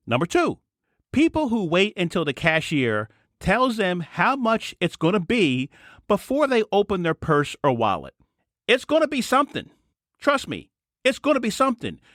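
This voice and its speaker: Animated, sarcastic male podcast host. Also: no room sound, studio quality. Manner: animated, sarcastic ranting with sudden jumps in pitch. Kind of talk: opinionated solo podcast monologue.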